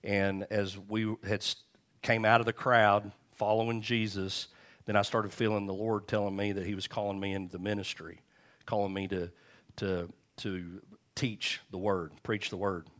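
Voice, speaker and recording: Guy pastor giving a sermon in church, lowish voice, chatty storytelling style. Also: level tone, moderate pace, a bit bright. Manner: storytelling, conversational preaching with restarts.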